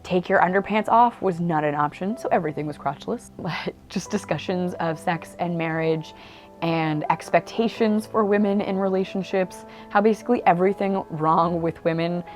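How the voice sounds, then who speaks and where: A woman's voice: fairly low pitch, normal speed, faint music behind. A woman talking casually about books she has read, chatty and enthusiastic, with lots of "like" and "um". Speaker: book vlogger. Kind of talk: casual book review monologue. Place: indoors at home. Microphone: camera mic.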